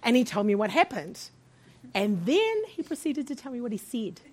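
A woman pastor sharing a testimony from the pulpit. Her voice sits high and swoops widely as she tells the story with animation and frequent laughter. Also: very animated, normal speed, a little mellow. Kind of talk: sermon testimony.

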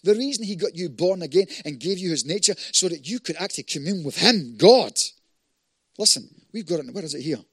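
A man preaching a fervent sermon, swinging between loud declarations and hushed prayer. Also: fairly high pitch, dry recording, clean studio sound.

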